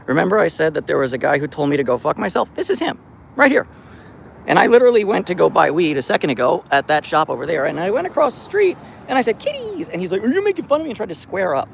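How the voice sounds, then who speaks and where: A man vlogging outdoors on a city street about the cats he looks after, chatting casually to the camera and greeting the cats in a high sing-song voice. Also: very animated, fast talker, creaky, slight background noise. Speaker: vlogger caring for a street cat colony. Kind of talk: casual vlog talk to camera.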